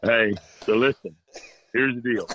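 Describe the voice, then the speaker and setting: Folksy rambling man, bright forceful voice. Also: medium pitch, a little slow, slight background noise, low-quality recording. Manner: rambling, folksy, heavy on "you know"; jokey, playful ribbing. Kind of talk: casual storytelling chat.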